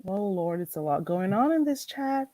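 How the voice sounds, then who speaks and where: Woman, Caribbean accent, livestream host, emphatic, animated, dry sound. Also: medium pitch, normal speed, dry recording. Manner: animated, emphatic, laughs often. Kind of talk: casual livestream chat.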